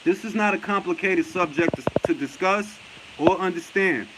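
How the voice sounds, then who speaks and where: A man's voice: sits high, moderate pace, very noisy. A man with a New York accent hosting a boxing talk show, talking bluntly and profanely and often laughing as he answers viewer comments.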